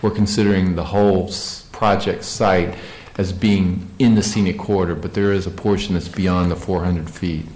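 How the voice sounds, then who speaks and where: A man with a fairly low voice, speaking in a county meeting room with a roomy echo. He answers questions haltingly and often restarts his words. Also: steady tone, darkish tone. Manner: hesitant, repeats words. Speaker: county staff member presenting. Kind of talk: meeting discussion.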